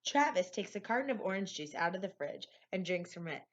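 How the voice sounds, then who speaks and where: A woman reading a novel aloud in first person, with plain, steady storytelling. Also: on the low side, brisk, few pauses. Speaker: reader. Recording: lo-fi recording.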